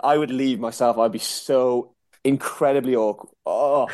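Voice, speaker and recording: A man co-hosting a podcast, relaxed and wry in casual chat. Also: mid-range voice, moderate pace. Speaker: podcast co-host.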